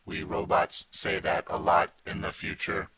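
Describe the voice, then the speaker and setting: A man voicing a cold robot ghost of the future in an audiobook, with a flat, metallic, computer-like delivery. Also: extremely low pitch, a little hiss or hum, pitched below the performer's own voice, heavily acted. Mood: cold, droning. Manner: slow, clipped and unfeeling. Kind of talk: audiobook character voice.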